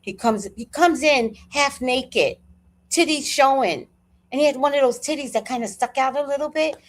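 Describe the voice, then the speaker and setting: A woman's voice: sits high, normal speed. A woman hosting a live talk, chatting casually and profanely, telling a personal story and acting out what people said. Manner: animated, profane, storytelling with acted-out quotes. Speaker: host. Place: at home.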